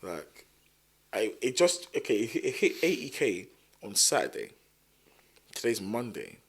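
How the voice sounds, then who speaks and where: A man with a London accent talks as a guest on a casual podcast. His pitch swings widely as he tells stories, and he scatters fillers through his speech. His voice sits in an ordinary middle range. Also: a little slow, breathy edge. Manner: animated storyteller with many fillers. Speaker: podcast guest, content creator. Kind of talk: casual chat.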